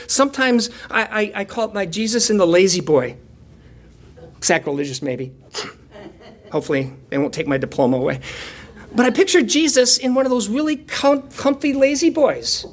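A chatty, self-joking male preacher. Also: very high voice. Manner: conversational and self-deprecating, with playful asides and laughter; shifts between quiet reflection and lively storytelling. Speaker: pastor. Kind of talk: sermon.

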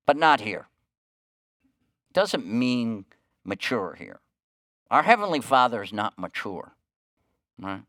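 A man preaching a sermon, telling a story with hushed quoted lines and rising emphasis. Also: medium pitch, big pitch swings, slow, long pauses, dry recording, studio quality. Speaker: pastor.

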